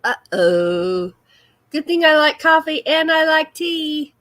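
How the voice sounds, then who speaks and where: A woman's voice: high voice, very animated, takes it slowly, fairly bright tone. A woman hosting a casual live chat with her viewers, giggly and self-deprecating. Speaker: livestream host.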